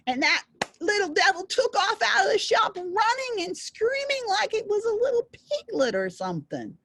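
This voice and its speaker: A woman storyteller telling a folk tale in a playful, animated way. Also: extremely high pitch, normal speed, creaky.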